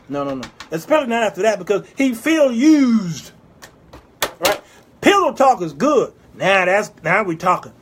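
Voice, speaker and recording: A man hosting a casual live-stream advice show, animated and teasing, breaking into sudden loud outbursts and answering viewer comments aloud. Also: high voice, a little fast, slight background noise. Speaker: talk show host.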